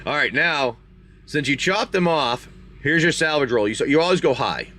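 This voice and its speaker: A man's voice: fairly high pitch, animated, moderate pace, pushed and bright. A man hosting a live stream, chatty and rambling as he narrates a tabletop game and opens card packs. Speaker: game master and card-break host.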